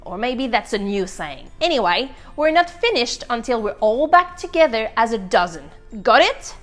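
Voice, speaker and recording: A chatty, easily flustered little boy egg, put on by a woman in a storytime read-aloud. The voice sits high and swoops all over, unhurried, with faint music underneath. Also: sing-song. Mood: determined. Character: chatty, anxious little male egg, loyal leader.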